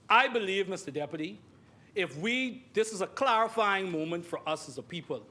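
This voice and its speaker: A Bahamian man with a noticeably high-pitched voice speaks in a parliament chamber. He delivers an emphatic debate speech, circling back on his phrases and turning to address the chair again and again. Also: animated, fairly quick, bright, forceful tone. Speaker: member of parliament.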